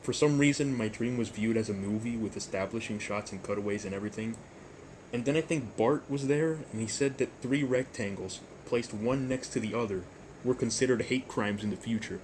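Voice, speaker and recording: A young man hosting a storytime vlog, rambling and jokey, with deadpan asides. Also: medium pitch, fairly quick, slight background noise. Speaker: YouTuber storyteller.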